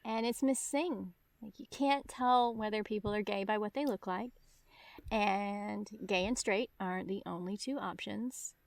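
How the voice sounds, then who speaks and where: A woman's voice: mid-range voice, a little slow, creaky, no room sound. A British woman co-hosting a casual book podcast, who laughs easily and answers with short agreeing replies. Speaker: podcast co-host.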